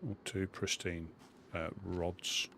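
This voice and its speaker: A man's voice: sits low, little pitch movement, slow pace, sharp tone, slight background noise. A man with a Suffolk accent chatting casually while streaming a game, muttering to himself as he sorts his gear. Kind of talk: casual live-stream commentary.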